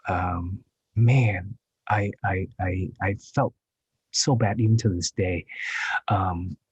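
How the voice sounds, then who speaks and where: A man in his fifties, a guest actor telling his story in an interview, halting and reflective with many restarts. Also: deep voice, steady tone, breathy edge, dry recording, dull audio.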